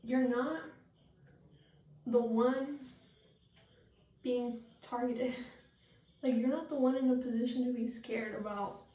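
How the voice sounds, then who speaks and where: In a warm, steady, slightly high voice, a woman speaks slowly with long pauses while ranting bluntly and cursing plenty. She's a vlogger doing her makeup for a get-ready-with-me video, frequently trailing off into fillers. The sound is echoey, with a distant mic and faint noise.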